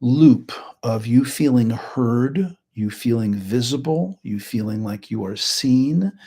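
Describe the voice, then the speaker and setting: A man's voice: mid-range voice, lively intonation, slow, mellow, breathy edge. A middle-aged man hosting a live teaching talk, chatty and rambling, with joking asides. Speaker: host and healing practitioner.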